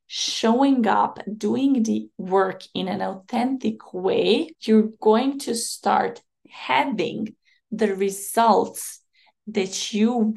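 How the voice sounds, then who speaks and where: A woman hosts a solo podcast in a hoarse, medium-pitched, slightly mellow voice. Her manner is slow, reflective, and motivational.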